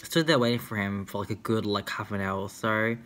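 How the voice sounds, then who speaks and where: A man's voice: on the low side, steady tone, a little fast, a bit bright. Chatty young man telling stories. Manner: candid, chatty, filler-heavy storytelling. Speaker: vlogger. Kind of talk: casual storytime vlog.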